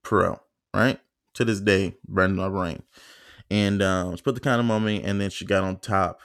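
A man's voice: low-pitched, fairly even intonation, moderate pace, fairly bright tone, clear, resonant tone, no echo, studio quality. A man hosting a solo podcast, telling a story in a casual, profane, rambling way with lots of fillers and acted-out quotes. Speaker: podcast host.

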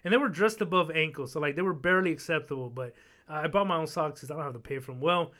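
Male podcast host, higher-pitched, loose and rambling storyteller. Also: fast talker, bright, forceful tone. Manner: rambling, full of fillers and restarts. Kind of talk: casual storytelling.

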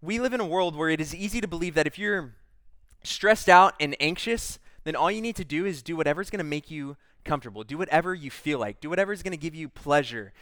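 A man's voice: fairly high pitch, animated, fast, a bit bright, no room sound. A man preaching a sermon, reading scripture aloud and stopping to explain it in a conversational way. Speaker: pastor.

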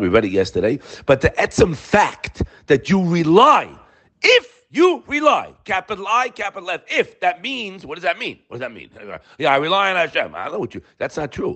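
A man teaching a daily Torah class, firing rhetorical questions and mixing Hebrew terms into his English. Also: mid-range voice.

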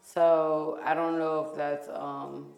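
A woman co-hosting a podcast, telling a story in casual chat, animated and profane, loudly acting out the lines she quotes. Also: sits low, slow pace, creaky, roomy sound. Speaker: podcast co-host.

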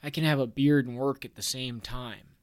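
A man's voice: mid-range voice, steady tone, moderate pace. Playful man riffing on sports. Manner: playful, jokey, hyped about his team. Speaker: podcast host. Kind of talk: casual sports monologue.

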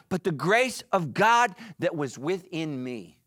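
High, lively male pastor preaching. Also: no echo, clean studio sound. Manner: animated and joking, acts out quick quoted voices. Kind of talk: energetic sermon. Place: church.

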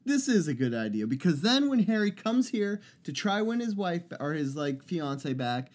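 A man's voice: sits high, very animated, moderate pace, a little mellow. A man co-hosting a casual podcast, teasing his friend in a wry, offhand way. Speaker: podcast co-host.

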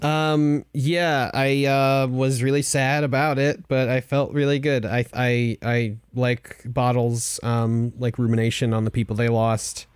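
A man on a book podcast, mid-pitched and casual, stumbling over his words as he gets sentimental. His voice sits close and dry with no room around it. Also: flat delivery, clear, resonant tone, no room sound. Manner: halting, restarts often, emotional. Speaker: podcast co-host.

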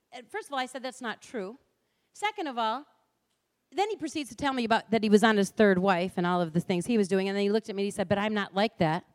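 A middle-aged public speaker with a medium-pitched, darkish, expressive voice talks quickly. Lecturing passionately in a lecture hall, she's punchy and direct, performing the voices of the people she quotes.

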